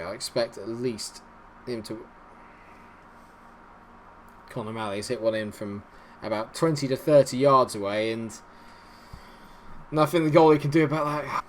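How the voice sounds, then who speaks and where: A man giving casual, animated commentary on a football management game, swinging between cheering and grumbling. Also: mid-range voice, slight background noise. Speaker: gaming YouTuber.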